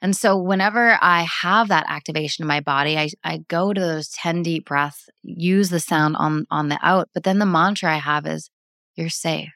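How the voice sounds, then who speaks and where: A woman guest speaking calmly and earnestly in casual interview talk, with many "like" fillers. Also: deep voice, vocal fry, no room sound, studio quality. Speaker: breathwork practitioner, guest.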